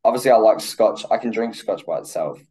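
Easygoing Australian man, lowish voice. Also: brisk. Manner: laid-back, easygoing, relaxed banter. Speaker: podcast host. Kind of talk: casual interview chat.

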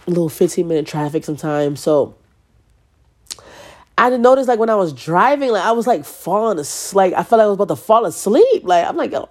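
A woman's voice: fairly low pitch, a little mellow. A young woman hosting a podcast, rambling casually and swearing freely, full of "like" and "you know what I'm saying.". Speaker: podcast host.

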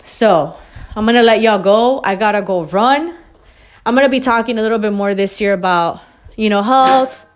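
On her own podcast, a woman rants bluntly and emphatically about wellness in a solo motivational talk, swearing freely and repeating herself. She's a little out of breath, with a medium-pitched voice at a moderate pace.

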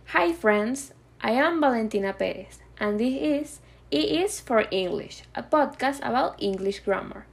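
A woman's voice: fairly high pitch, lively intonation, unhurried, soft background music. Woman reading a grammar lesson. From Venezuela. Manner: clear, carefully read explanations. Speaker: podcast host teaching grammar. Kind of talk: scripted educational podcast.

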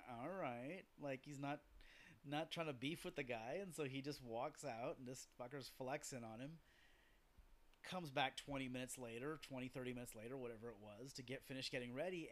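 A man's voice: mid-range voice, a bit bright. A man hosting a casual solo podcast, telling rambling stories full of swearing and offhand asides. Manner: profane, rambling storytelling with asides; acts out quoted lines in a gruff voice. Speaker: podcast host.

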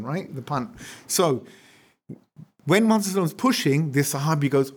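A man teaching an Islamic history lesson as an animated storyteller, acting out quotes and throwing rhetorical questions at his listeners. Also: fairly high pitch, fast talker, pauses often, husky. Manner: asks the audience rhetorical questions. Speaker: religious teacher.

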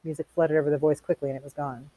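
A woman's voice: low voice, level tone, very fast, no room sound, phone-quality sound. A woman reading a novel aloud to a class, stopping now and then for casual explanations. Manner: reads plainly, stops to explain in casual asides. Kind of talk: read-aloud with commentary.

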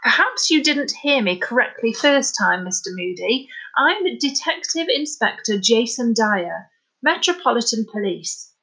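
A woman's voice: fairly high pitch, sing-song, unhurried, bright, forceful tone, husky, exaggerated voice, rough recording. A woman voicing a stern male police detective inspector who talks with menacing authority in an audiobook.

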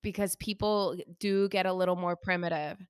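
A woman's voice: on the low side, steady tone, normal speed, clear, resonant tone, dry recording, clean studio sound. A woman co-hosting a podcast, speaking earnestly and reflectively about healing in casual chat. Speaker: podcast co-host, healer.

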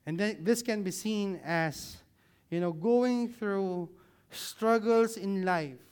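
A man preaching a sermon, engaging the listeners with many questions and growing more animated as he explains. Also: sits high, smooth. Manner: grows louder and more animated when explaining.

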